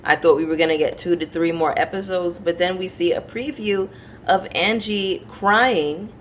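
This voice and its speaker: A woman's voice: on the low side, moderate pace, slight background noise. A woman chatting casually to her viewers as she recaps a reality TV episode, opinionated and talking straight to her audience.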